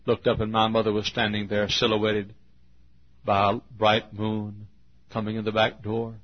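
Texas preacher guy in his 50s, low gravelly voice, earnest slow storytelling, muffled old recording. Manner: earnest, drawn-out storytelling with emotional swells. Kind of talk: storytelling sermon. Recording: dull lo-fi sermon recording.

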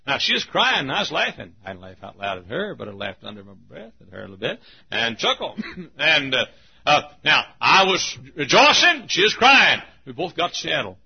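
Older folksy preacher chuckling through stories. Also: male voice, a little high, big pitch swings, normal speed, gravelly, breathy edge. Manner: laughs often mid-sentence, shouts in bursts. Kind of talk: folksy sermon with anecdotes. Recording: dull lo-fi sermon recording.

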